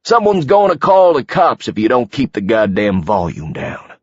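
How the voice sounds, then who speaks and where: A man voicing an older male villain who is cold and bossy, speaking in a gruff, demanding way. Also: medium pitch, huge pitch swings, normal speed, no echo, dull audio. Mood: irritated.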